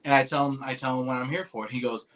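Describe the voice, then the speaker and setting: A man's voice: medium pitch, steady tone, fast talker, a bit bright. A man telling a personal story in casual, rambling talk, full of "like" and "dude", swearing freely and turning earnest about moving moments. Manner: earnest and emotional when recalling a moving moment.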